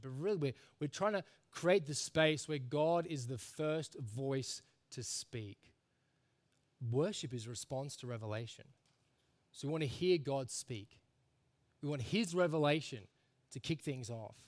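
A middle-aged man preaching a sermon in an earnest, conversational way, moving between soft, hushed lines and emphatic ones. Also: on the high side. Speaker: pastor.

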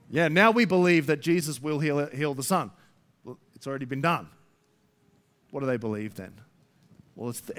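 A man preaching a sermon to his church, emphatic, swinging between loud rising stresses and soft low asides. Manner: emphatic, rising to near shouts then dropping soft. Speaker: pastor.

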